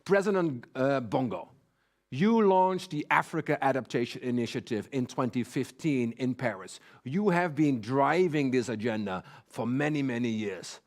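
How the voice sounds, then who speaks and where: A man moderating a high-level panel, polite and courteous, pausing often with fillers. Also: animated.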